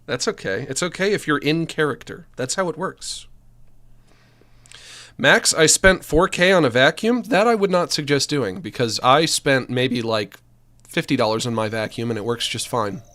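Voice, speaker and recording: A man's voice: mid-range voice, expressive, moderate pace, fairly bright tone. A man streaming a game, chatting casually and rambling to his viewers. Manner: rambling, chatty, self-deprecating. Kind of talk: casual let's-play chat.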